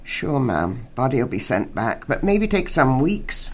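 A man voicing a deep, gruff police officer. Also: very animated. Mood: curt. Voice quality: deep rumbling voice, broken English. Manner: slow, clipped, dismissive. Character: gruff local male police officer, curt. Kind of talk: storytelling reading.

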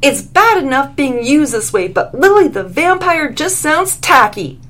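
Woman putting on a shrill offended vampire girl, shrieky and high, storybook voice. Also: sing-song, a little slow, fairly bright tone, full character voice. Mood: indignant. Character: shrill young blonde female vampire, indignant.

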